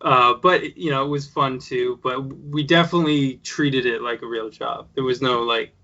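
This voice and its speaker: Rambling man, bright lo-fi sound. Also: medium pitch, steady tone, normal speed. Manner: rambling, many fillers and restarts. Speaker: guest, show creator. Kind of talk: casual interview. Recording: dull lo-fi sound.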